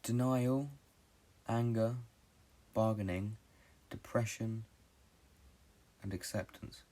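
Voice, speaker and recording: Low-voiced young British man rambling. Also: steady tone, mellow. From Britain. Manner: halting, swears often, low-key and confessional. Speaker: podcast host. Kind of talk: rambling solo podcast monologue.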